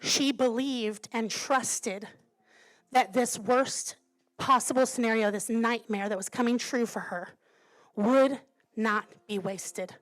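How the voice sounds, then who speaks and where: A woman in her thirties preaches from the pulpit, her voice sitting a little high. She tells a personal story with earnest, quiet care, then builds to strong, emphatic declarations. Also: slow. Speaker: pastor. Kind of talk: sermon.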